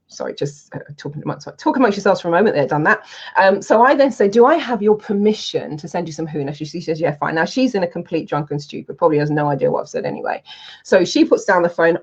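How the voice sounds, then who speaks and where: Woman, husky low voice, lively storytelling coach, dull lo-fi recording. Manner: lively storytelling, acts out quoted speech. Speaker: healing coach. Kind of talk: casual webinar talk. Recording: dull lo-fi sound.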